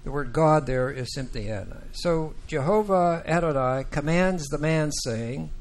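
Teaching a Bible class, a man with a slightly high voice works through verses carefully and emphatically, posing questions to his students along the way.

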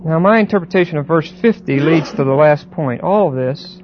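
Guy teaching bible class, kinda high voice, stops and repeats a lot, dull old tape w/ faint hiss. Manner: halting, repeats words, checks with students.

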